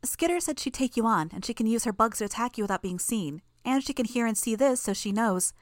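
A woman voicing a frightened young girl who talks in a hushed, hurried way, in an audiobook reading. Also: a little high, expressive, no echo, clean studio sound, voice pushed up, natural voice. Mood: urgent.

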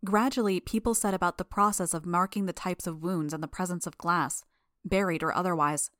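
A woman giving a measured first-person audiobook narration. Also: lowish voice, steady tone, a bit bright, no echo, clean studio sound.

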